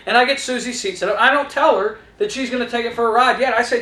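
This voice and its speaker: A man with a very high-pitched voice talks fast, barely pausing, and his words echo around him. He teaches salespeople with plenty of energy, speaking directly to the trainees and role-playing his customer lines in an instructional talk with acted-out dialogue.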